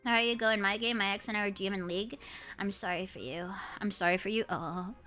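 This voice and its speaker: A woman in her early twenties with a high, cute, anime-girl-like voice, chatting and ranting with lots of swearing while streaming a game. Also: quick pace, faint music behind. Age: early 20s. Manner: animated ranting with frequent swearing. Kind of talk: casual gaming stream chatter.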